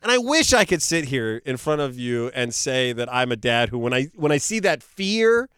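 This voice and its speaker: A middle-aged man telling a story in casual chat, animated and laughing often. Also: mid-range voice, normal speed, clear, resonant tone, dry recording, studio quality.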